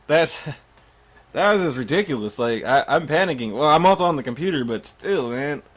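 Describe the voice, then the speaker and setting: A man giving live gameplay commentary, excitable and panicky, quick to laugh and curse. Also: a little high. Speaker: gaming YouTuber.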